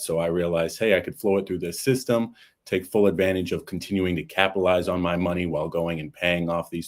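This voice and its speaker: A man working as an insurance coach, telling his own story in a casual chat in a steady, earnest way. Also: deep voice.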